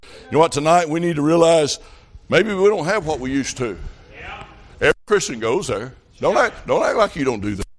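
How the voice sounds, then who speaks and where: A man's voice: fairly high pitch, expressive, normal speed. A man preaching a revival sermon, telling folksy country stories with fervent emphasis. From rural farm upbringing.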